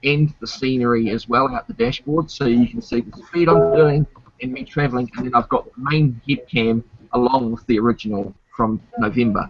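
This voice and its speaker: A man's voice: medium pitch, expressive, brisk, highs cut off. A man chatting casually on his stream, indignant and swearing freely. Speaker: streamer host. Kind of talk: casual chat.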